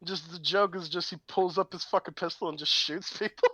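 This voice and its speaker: A man with a bright, ringing, slightly high voice rambles through a story, swearing freely and laughing as he goes. The sound is close and dry, with no room behind it. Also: fairly even intonation, a little fast, slightly rough, no room sound, rough recording. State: recovering from illness. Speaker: podcast co-host. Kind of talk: casual chat.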